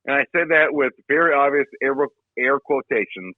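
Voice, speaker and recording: A young man co-hosting a casual podcast, ranting about a movie in a profane, animated way and slipping into mocking impressions. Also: mid-range voice, normal speed, dry recording, narrow, tinny audio. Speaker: podcast co-host.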